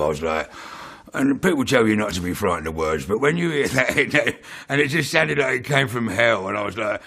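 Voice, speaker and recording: A former prisoner telling a story in an interview, laughing often. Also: male voice, fairly low pitch, animated, fairly quick, sharp tone. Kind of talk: anecdote in interview.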